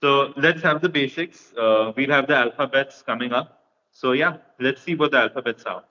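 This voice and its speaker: A man's voice: mid-range voice, moderate pace. A man hosts an online session in a chummy, coaxing way, over muffled call audio. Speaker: session host. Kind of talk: casual online session hosting.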